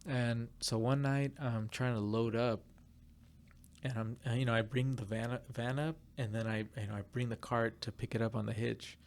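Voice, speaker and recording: A man casually telling a rambling, animated story on a podcast, full of fillers. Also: mid-range voice, normal speed. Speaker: podcast guest.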